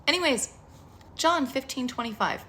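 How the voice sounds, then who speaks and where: A woman's voice: sits high, lively intonation, moderate pace, a bit bright, a little hiss or hum. A woman talking casually to camera about spirituality, frank and profane, rambling with lots of "like.". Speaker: spiritual tarot vlogger.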